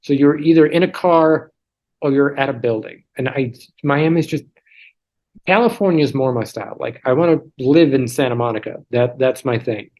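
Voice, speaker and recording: A male interview guest in his 30s tells stories casually over a video call, loose and joking, often restarting and wandering into asides while poking fun at himself. His voice is medium-pitched and a little mellow at a normal speed, and the recording is rough.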